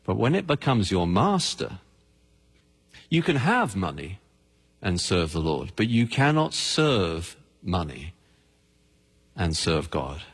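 A man's voice: low voice, big pitch swings, slow, long pauses, breathy edge. A man preaching a sermon as a pastor, passionate and emphatic, often repeating words for stress. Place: church. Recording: long hall reverb.

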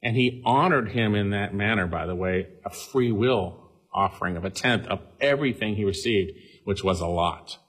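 A man's voice: fairly low pitch, moderate pace, fairly bright tone, husky, poor audio. A man preaching an expository sermon, emphatic, repeating key words for stress. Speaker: pastor.

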